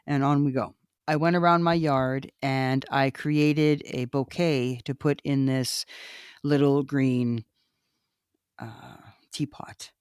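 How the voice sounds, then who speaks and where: A woman hosting a podcast, telling a personal story in a loud, animated, candid way, laughing often and swearing freely. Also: very deep voice, slow, clear, resonant tone, no echo, clean studio sound. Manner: profane, candid. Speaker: podcast host.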